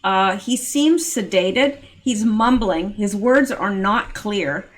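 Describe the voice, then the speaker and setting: A woman's voice: mid-range voice, slow. A woman hosting her own commentary channel, talking casually and earnestly with lots of fillers and restarts. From Canada. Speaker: political commentary channel host.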